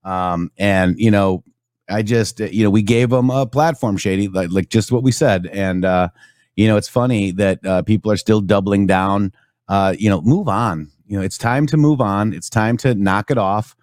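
A man's voice: on the low side, moderate pace, darkish tone, no room sound, studio quality. A man hosting a political talk show, talking casually and rambling with many fillers. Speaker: show host.

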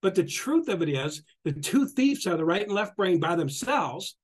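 A middle-aged man giving an animated spiritual talk, repeating phrases, acting out quotes and laughing often. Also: high-pitched, moderate pace. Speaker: spiritual guest speaker.

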